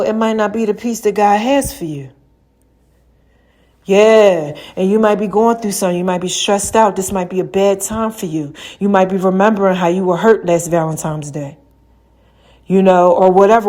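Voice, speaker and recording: A woman hosting her own podcast, talking casually and chattily with slang, swinging between loud laughing bursts and low murmurs. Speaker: podcast host. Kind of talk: casual rambling monologue. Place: room with lights and a mirror.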